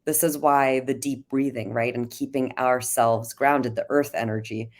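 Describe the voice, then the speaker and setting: A woman's voice: rumbling low, steady tone, normal speed. A woman hosting a live conversation, explaining earnestly and inviting her guest's view. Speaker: host and CEO.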